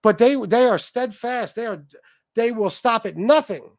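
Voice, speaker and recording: Heated male livestream host, high voice, swearing rant, dry mic. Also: expressive, a little slow, creaky, no echo. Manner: profane, heated, repetitive. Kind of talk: ranting livestream commentary.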